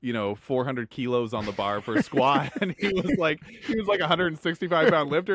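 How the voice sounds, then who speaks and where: A man's voice: a little high, a little fast, few pauses, background noise. Easygoing man in casual chat. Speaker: guest, former competitor.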